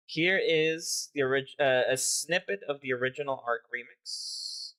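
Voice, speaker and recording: A man's voice: mid-range voice, normal speed, hardly any pauses, pushed and bright, dry recording. A man chatting casually on a livestream as he presents a remix. He is playful, laughs a lot, swears freely, and breaks into joking meows. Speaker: music producer presenting a remix to a live chat.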